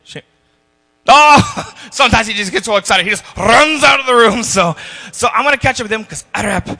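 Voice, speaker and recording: Man doing a goofy Scottish rapper, high voice, very bright, long hall reverb. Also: lively intonation, brisk, full character voice. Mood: boastful. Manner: boastful, rambling, laughs at own jokes. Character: boastful male Scottish rapper, goofy and self-important.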